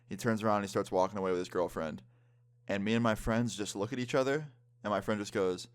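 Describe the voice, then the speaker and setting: Twenty-something guy doing a story time, casual and sweary, lower voice. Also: quick pace. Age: 20s. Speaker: vlogger.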